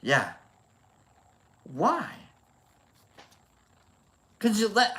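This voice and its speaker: A man's voice: fairly high pitch, animated, moderate pace, bright, forceful tone. A man chatting casually in a rambling, joking, self-deprecating way while he works on a craft. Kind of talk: casual chat.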